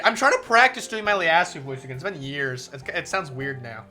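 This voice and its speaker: Lively, bright-voiced male streamer. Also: fairly high pitch, a little fast, faint music behind. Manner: playful, profane asides, excitable and jokey. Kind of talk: casual commentary while reading a visual novel aloud.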